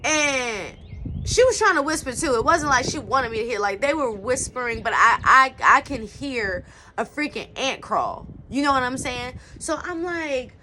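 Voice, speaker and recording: A woman's voice: high-pitched, animated, normal speed, sharp tone, slight background noise. A young woman telling a personal story in a casual, slangy style, full of "like" and "you know what I'm saying.". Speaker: storyteller vlogger.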